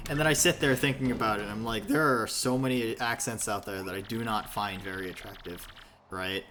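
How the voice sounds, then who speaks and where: A man streaming himself playing a video game, chatting casually with viewers, rambling and swearing with plenty of fillers and restarts. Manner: rambling, profane, lots of fillers and self-corrections; animated, jumpy pitch. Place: home streaming setup. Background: video game music.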